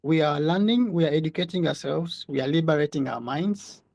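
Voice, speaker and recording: A man with a slightly raised pitch hosts an online audio discussion, talking earnestly and explaining ideas step by step. He often restarts words mid-sentence. The sound is close and dry. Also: a little fast, gravelly, a little mellow, dry recording. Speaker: podcast host. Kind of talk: casual discussion.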